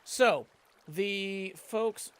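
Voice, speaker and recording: A middle-aged man with a drawl hosts a relaxed live stream from his home studio, reading out chat messages. His voice sits a touch high for a man and comes through a studio mic. A faint hiss of noise runs underneath. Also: extremely slow. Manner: chatty, reads chat aloud, hums to himself. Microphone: studio XLR mic.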